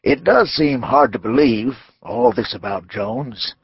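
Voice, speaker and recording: Casting: earnest, doubtful ranch hand, husky, questioning, voiced by a male narrator. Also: medium pitch, lively intonation, a little slow, no echo, lo-fi sound.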